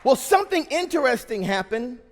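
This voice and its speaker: High-voiced young pastor in a reverberant hall. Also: male voice, sing-song, brisk, a faint crowd, slight background noise. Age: 30s. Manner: humorous, conversational, engages the congregation. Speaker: guest pastor. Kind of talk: storytelling sermon. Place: church sanctuary.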